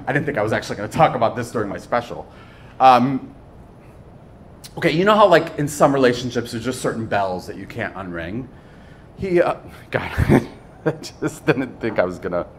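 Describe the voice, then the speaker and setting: A man doing a live stand-up comedy set on a club stage, with a playful, animated delivery and pauses for laughs. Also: medium pitch. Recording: noisy live club recording.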